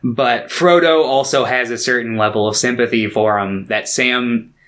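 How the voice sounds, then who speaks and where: A man's voice: mid-range voice, steady tone, normal speed, fairly bright tone. A man co-hosting a movie podcast, retelling scenes in loose, profane casual chat and briefly putting on character voices. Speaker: podcast co-host.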